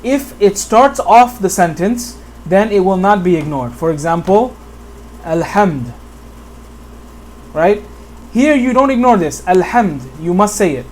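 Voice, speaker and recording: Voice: mid-range voice, lively intonation, moderate pace, darkish tone, slight background noise. A teacher from Bangladesh giving a whiteboard lesson on Quran pronunciation, patiently repeating examples and often checking in with the listener. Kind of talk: whiteboard tutorial.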